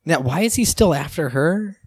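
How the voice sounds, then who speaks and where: A man co-hosting a casual movie commentary, agreeable and quick with short replies. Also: a little high, lively intonation, darkish tone, breathy edge, no room sound.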